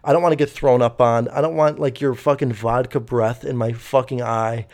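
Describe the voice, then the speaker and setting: A man's voice: medium pitch, fairly even intonation, normal speed, a little mellow. A young man telling a story in a casual, rambling way, swearing often and using many fillers. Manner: rambling, profane, full of fillers.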